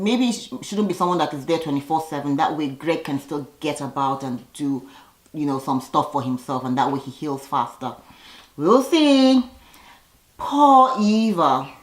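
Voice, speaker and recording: Sassy low-voiced woman recapping TV. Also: echoey room, low-quality recording. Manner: chatty and sassy, quick asides. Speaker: reality TV recap vlogger. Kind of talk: casual recap commentary.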